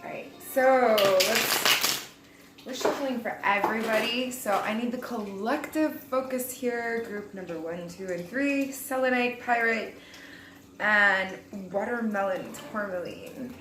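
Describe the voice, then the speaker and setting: A woman's voice: a little high, slow pace, a bit bright, echoey room, a little hiss or hum, low-quality recording. A young adult woman giving a casual, rambling tarot reading, chatty and laughing at herself. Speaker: tarot reader.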